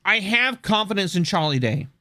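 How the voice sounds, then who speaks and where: A man streaming live, reacting loudly with lots of swearing and laughter. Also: sits high, big pitch swings, normal speed, no room sound, studio quality. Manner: loud, profane, laughing often.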